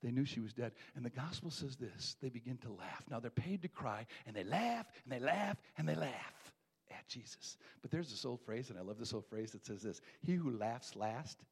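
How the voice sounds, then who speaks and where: A middle-aged man preaching a sermon, telling a story with animated acted voices and hushed moments. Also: medium pitch, fairly quick, gravelly, husky. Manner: animated storytelling, acting out voices, dropping to near whispers. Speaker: pastor.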